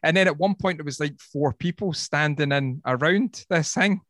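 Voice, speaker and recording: A Scottish man, a woodworker guest on a podcast, telling stories in a casual, sweary, animated way. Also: fairly high pitch, moderate pace, no echo, clean studio sound. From Scotland. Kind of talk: casual chat.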